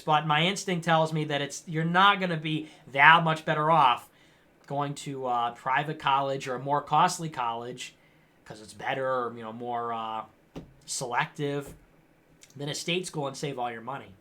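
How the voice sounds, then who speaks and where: A man's voice: a little high, steady tone, moderate pace, sharp tone. A man hosting a livestream, reading viewer comments aloud and answering them in a sarcastic, mocking way. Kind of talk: casual political commentary.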